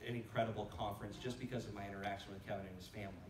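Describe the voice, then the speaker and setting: A man's voice: fairly low pitch, very fast, a crowd in the background. Male pastor, conference sermon, storyteller who acts out dialogue; distant mic, echoey sanctuary. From United States. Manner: storytelling, animated quotes, laughing asides. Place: church sanctuary. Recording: echoey church hall from far off, faint noise.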